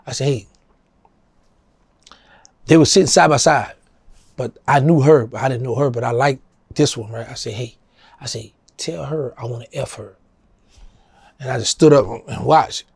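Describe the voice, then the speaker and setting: A middle-aged man with a New Orleans accent spins a long street story, jumping up in pitch whenever he plays the people in it. His voice is gravelly and a little husky. It sounds close and dry, with no room around it. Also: dry recording. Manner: animated storyteller, acting out quoted voices in a higher pitch. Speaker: interview guest. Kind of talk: storytelling in a casual interview.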